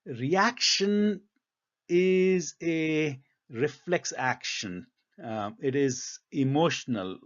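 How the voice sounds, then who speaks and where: A man giving career advice in a reflective monologue, speaking in a measured, thoughtful way with frequent ums and uhs. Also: a little high, lively intonation, muffled recording.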